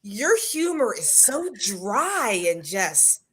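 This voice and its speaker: Bright-voiced woman. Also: mid-range voice, sing-song, slightly rough. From Pittsburgh, USA. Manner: chatty, jokey, quick to laugh. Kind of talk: casual live chat.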